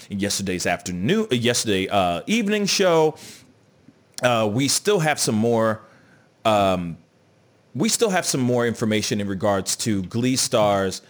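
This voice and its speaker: Brief: male host, lively sing-song delivery, playful, chatty, reads viewer comments on air. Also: mid-range voice. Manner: animated, joking, greets viewers and reads chat aloud. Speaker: show host. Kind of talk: casual live news chat.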